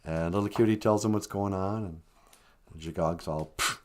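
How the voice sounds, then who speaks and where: A man's voice: low-pitched, normal speed, a little mellow. Chatty man telling a funny story. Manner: chatty, lots of asides and chuckles. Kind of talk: casual comic storytelling.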